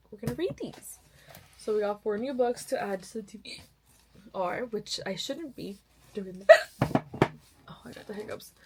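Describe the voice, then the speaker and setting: A woman's voice: medium pitch, a little mellow, a little hiss or hum, poor audio. A young woman chatting casually to camera about books she bought and is reading, rambling and correcting herself often, tired. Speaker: book vlogger.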